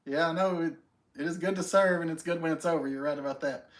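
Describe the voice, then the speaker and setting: A man with a slightly high voice talks quickly while hosting a casual live stream from home. He greets viewers by name, reads their comments, and chats in a friendly, self-deprecating way.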